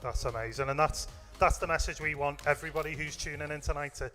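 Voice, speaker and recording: A man's voice: a little high, fast talker, pushed and bright, in a large hall, faint music behind. A man hosting a live youth event stream, enthusiastic and encouraging, with short affirmations.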